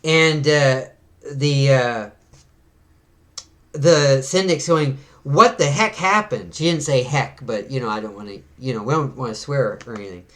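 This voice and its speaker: A man in casual conversation, reading a comic book aloud and dropping into quick little voices for its characters as he goes. His voice sits at a middle pitch. He talks in an easy, chatty way. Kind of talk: casual read-through of a comic.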